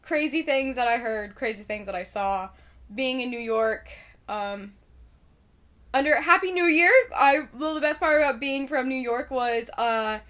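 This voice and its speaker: A woman's voice: a little high, a bit bright. Rambling, sweary young woman vlogger. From Indiana, United States. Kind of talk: casual chat to camera.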